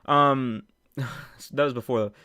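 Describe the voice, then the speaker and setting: A young man streaming live from home, reacting with loud excitement and laughter, with faint music behind. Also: medium pitch, slow, smooth. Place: home room.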